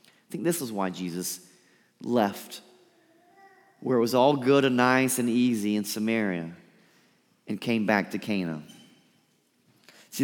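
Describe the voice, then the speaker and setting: A man preaching a sermon, lively and emphatic, sometimes dropping to a soft pleading voice to act out a quote. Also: lowish voice. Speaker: pastor. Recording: reverberant hall.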